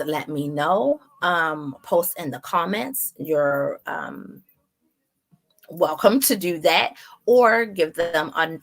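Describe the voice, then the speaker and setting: Low-voiced Baltimore woman hosting. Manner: chatty, laughs at herself, many fillers. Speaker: online radio show host. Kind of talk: casual announcements to viewers.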